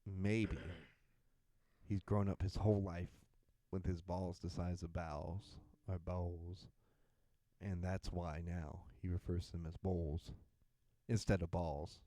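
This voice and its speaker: A man's voice: low voice, flat delivery, slow, warm tone, no echo. A young man co-hosting a podcast in casual chat, playful and full of silly theories. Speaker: podcast co-host.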